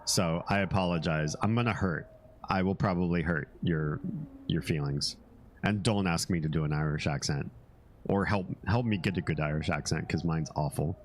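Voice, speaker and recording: Low-voiced guy streaming a game, rambly and swears a lot, little bit of hiss. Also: moderate pace. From Finland and the United States. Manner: rambling, joking, swears freely. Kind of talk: casual gameplay stream chat.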